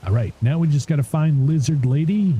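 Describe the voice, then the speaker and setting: A man's voice: a little high, brisk, mellow, a little hiss or hum. A man streaming a game live, chatting casually in a rambling way, swearing and laughing often. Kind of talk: casual live gameplay chat.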